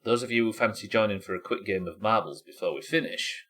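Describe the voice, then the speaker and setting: A man chats loosely through a live game stream, laughing often. His voice sits low, with quiet music in the background. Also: fast talker. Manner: casual, chatty, laughs often. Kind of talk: live gameplay commentary.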